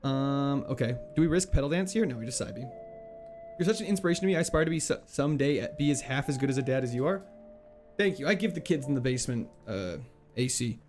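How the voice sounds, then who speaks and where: Animated, chatty male game streamer. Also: medium pitch, fast, soft background music. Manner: chatty and playful, laughing often. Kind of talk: casual live gameplay commentary, reading chat.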